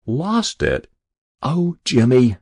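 A man voicing a tired, bewildered small-town mother of five who talks softly and with gentle surprise. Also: medium pitch, huge pitch swings, drawn-out words, breathy edge, dry recording, clean studio sound, voice pushed up, heavily acted. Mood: surprised.

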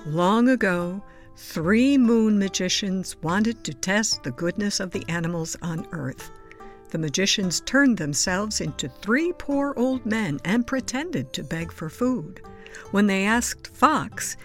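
A woman reading children's picture books aloud in a gentle, soothing storybook voice, sometimes dropping to a whisper. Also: medium pitch. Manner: soft, slow and soothing, dropping to a whisper at times. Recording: dry close mic with faint music behind.

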